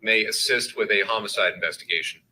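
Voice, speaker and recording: A man questioning a witness in court in a measured, formal way. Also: lowish voice, sharp tone, slight background noise, poor audio. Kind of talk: courtroom examination.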